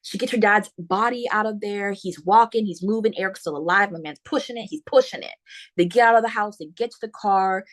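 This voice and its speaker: A woman hosting a book podcast, retelling a horror novel's plot in a casual, animated way with slangy asides. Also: mid-range voice. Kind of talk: casual spoiler book talk.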